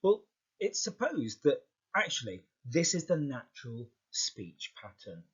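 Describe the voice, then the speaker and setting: A man's voice: mid-range voice, big pitch swings, measured pace, husky. A man teaching English in an explanatory video lesson, often checking in with "okay" as he talks the class through. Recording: muffled lo-fi recording.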